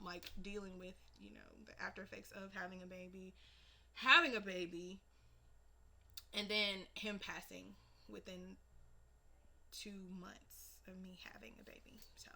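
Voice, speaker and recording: A woman telling a personal family story in a documentary interview, animated, acting out her relatives' words and dropping from loud to hushed. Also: mid-range voice, creaky. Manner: animated, acts out family members' lines, swings between loud and hushed.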